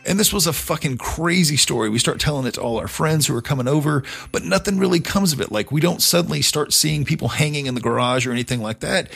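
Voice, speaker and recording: A man's voice: fairly high pitch, expressive, fast talker, vocal fry, hardly any pauses, fairly bright tone, husky. A middle-aged man hosting a podcast, telling a story in a casual, profane, conversational way. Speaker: podcast host.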